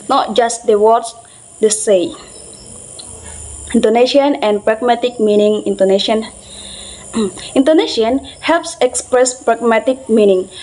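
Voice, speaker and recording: A young woman with a fairly high voice presents her part of a class talk. She reads steadily from her notes, stumbling and restarting now and then. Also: darkish tone, rough recording. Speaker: student presenter.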